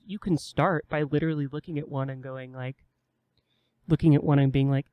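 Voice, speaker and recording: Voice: medium pitch, expressive, a little fast, darkish tone, no echo. A podcast co-host giving casual advice, explaining step by step and acting out a new player's inner questions.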